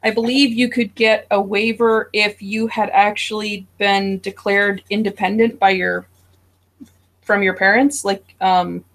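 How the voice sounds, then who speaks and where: A woman's voice: mid-range voice, fairly even intonation, a little slow, fairly bright tone. A woman talking through her drawing session on a video call. She is chatty and loose, with plenty of "like" and "um" along the way. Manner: chatty, with fillers like "like" and "um". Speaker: artist in an online drawing group. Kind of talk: casual chat while drawing. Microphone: video call mic.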